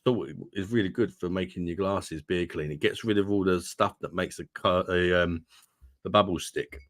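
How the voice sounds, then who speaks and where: A man's voice: low-pitched, fairly even intonation, normal speed, a bit bright, dry recording, studio quality. A man from London with a London accent, hosting a beer livestream and bantering casually with viewers in laid-back, sweary chat. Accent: London English. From London, England. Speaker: host of a beer review livestream.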